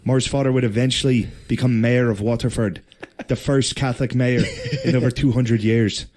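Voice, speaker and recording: A man's voice: mid-range voice, fairly even intonation, normal speed, darkish tone. A man casually retelling a history story on a podcast, loose and profane, laughing and slipping into put-on voices. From Irish heritage. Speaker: podcast host telling history.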